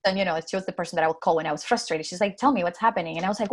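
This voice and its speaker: A woman guest recounts a personal story in easy conversation. She talks with lively swings and jumps up high whenever she acts out what she once said. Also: very fast, few pauses. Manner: animated, acts out her own past lines in a raised voice. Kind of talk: casual storytelling.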